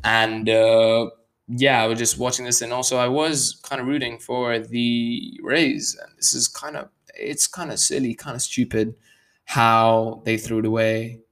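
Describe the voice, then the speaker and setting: Man, casual sports commentary, animated, worked up, emphatic, restarts sentences, fast and slow bursts. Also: mid-range voice. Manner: animated, worked up, stresses numbers. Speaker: baseball analyst.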